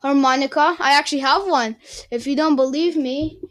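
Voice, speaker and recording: A woman's voice: high-pitched, moderate pace. Rambling, giggly young woman vlogging. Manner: rambling, giggly, stumbles over words. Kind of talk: casual chat to viewers.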